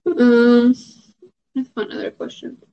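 Young woman vlogger, slightly high voice, chatty and rambling, muffled lo-fi recording. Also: fairly even intonation, unhurried, clear, resonant tone. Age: young adult. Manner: rambling, filler-heavy, frank. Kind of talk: casual chat answering question prompts. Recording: dull lo-fi audio.

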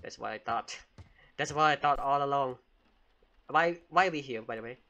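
A man's voice: mid-range voice, normal speed, sharp tone, muffled recording. A man giving jokey, casual commentary while playing a game and talking back to it with frequent exclamations. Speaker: gamer.

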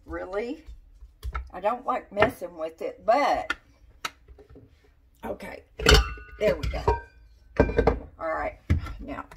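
A woman's voice: on the low side, far from the mic, very noisy. Chatty woman cooking at home. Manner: chatty, folksy, talks straight to viewers. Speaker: cooking vlogger. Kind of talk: casual cooking demonstration. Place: home kitchen.

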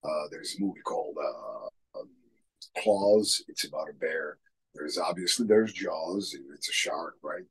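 A middle-aged man co-hosting a casual chat show, telling a story haltingly with many fillers and chuckles. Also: very deep voice, lively intonation, slightly rough, rough recording. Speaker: podcast co-host.

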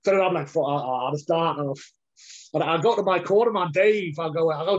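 Rambling fighter, muffled audio. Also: male voice, fairly high pitch, fast talker. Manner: rambling, repeats words, swears freely. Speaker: heavyweight MMA fighter, guest. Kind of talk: casual storytelling interview. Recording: dull lo-fi audio.

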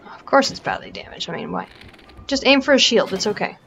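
A woman's voice: mid-range voice, lively intonation, fairly quick, vocal fry, muffled recording, noisy background. Chatty Canadian woman gaming. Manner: chatty, self-mocking, drops to a whisper when sneaking. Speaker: let's play gamer. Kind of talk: casual gameplay commentary.

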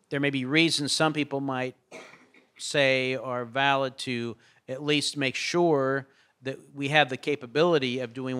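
Guy on a faculty panel, average pitch, kinda halting, hunting for words. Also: fairly bright tone, clean tone. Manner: halting, searches for words mid-sentence. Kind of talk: answering audience questions on a panel. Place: lecture room at an institute.

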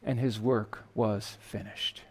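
A pastor preaching an earnest, emphatic sermon in a church. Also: male voice, lowish voice, steady tone, takes it slowly, a little mellow, breathy edge, big-room sound. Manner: earnest, emphatic preaching with quotes read aloud. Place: church sanctuary.

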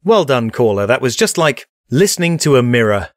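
A man's voice: medium pitch, very animated, fairly quick, dry recording. A man hosting a comedy show with mock-formal, wry scripted narration.

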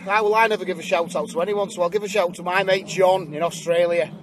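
A man's voice: sits high, fairly even intonation, fast, a little hiss or hum. A man on a metal detecting outing outdoors, giving easygoing, brief replies in casual chat. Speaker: detecting friend. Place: outdoors in fields.

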